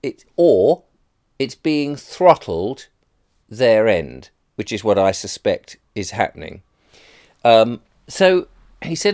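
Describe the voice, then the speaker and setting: A man's voice: on the low side, very animated, takes it slowly, darkish tone. A man, rambling and sarcastic in a casual rant to camera.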